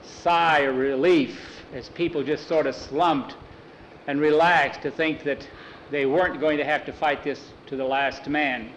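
A man's voice: fairly high pitch, fairly even intonation, a bit bright, lo-fi sound, a little hiss or hum. Older man telling a folksy tale. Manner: unhurried, folksy telling with acted dialogue. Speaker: storyteller. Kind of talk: spoken storytelling.

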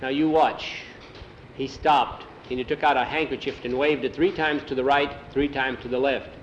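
A man's voice: mid-range voice, fairly even intonation, brisk, a little hiss or hum. A man telling an adventure story aloud, often repeating "he says" between lines. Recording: dull lo-fi recording.

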